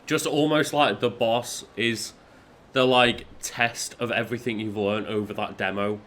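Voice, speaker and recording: A man's voice: medium pitch, fairly even intonation, measured pace, fairly bright tone, a little hiss or hum. A man co-playing a game, laid-back, wry and swearing in casual chat. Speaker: co-player guest. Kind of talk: casual let's-play chat.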